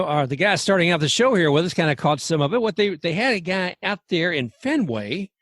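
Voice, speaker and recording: A man's voice: sits high, dry recording, studio quality. A man hosting a casual sports talk podcast, chatty and rambling, often laughing as he talks. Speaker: podcast host.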